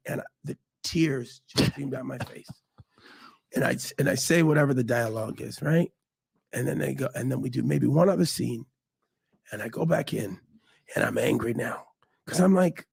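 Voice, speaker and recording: A middle-aged man telling stories in a casual interview, animated and acting out quotes. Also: normal speed, gravelly, husky, no room sound. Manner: animated, acts out quotes with big pitch jumps. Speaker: guest.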